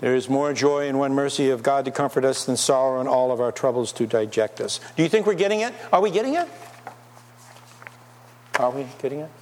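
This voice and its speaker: A man's voice: medium pitch, brisk, darkish tone, a little hiss or hum. A man preaching a sermon in a church, asking his listeners rhetorical questions. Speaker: pastor. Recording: long hall reverb.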